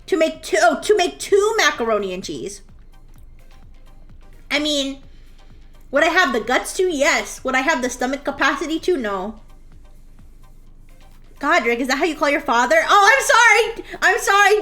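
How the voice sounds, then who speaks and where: A giggly woman streamer with a high, light voice talks casually with her live chat as she draws. She keeps a playful, joking tone and slips into a bratty daughter act for a laugh. Soft music plays faintly underneath. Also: lively intonation, normal speed, pauses often. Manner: acts out a bratty daughter in jest.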